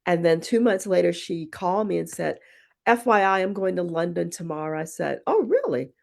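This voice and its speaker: Speaking fairly quickly with vocal fry in a lowish voice, a woman guest on a podcast, who is a poet and retreat founder, tells reflective personal stories. She acts out the dialogue she quotes in a conversational storytelling style.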